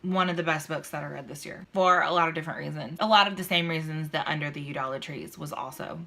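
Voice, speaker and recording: Chatty young woman with a bright voice. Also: low voice, quick pace, vocal fry. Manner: chatty, with fillers and a Southern "y'all"; emotional and emphatic at times. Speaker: book vlogger. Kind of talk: casual book review chat.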